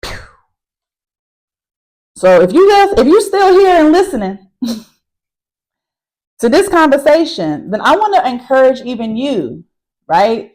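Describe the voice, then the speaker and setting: A woman's voice: fairly high pitch, rough recording. A woman college instructor talking casually to camera from a car, recapping a class and calling her viewers y'all. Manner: addresses viewers as y'all, emphatic and animated. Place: in a parked car.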